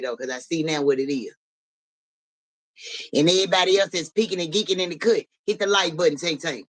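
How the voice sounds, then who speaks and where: A man's voice: on the high side, poor audio. Blunt, profane man chatting on a livestream. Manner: blunt, profane, animated, talks back to chat. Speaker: livestream host. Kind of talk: casual livestream chat with viewers.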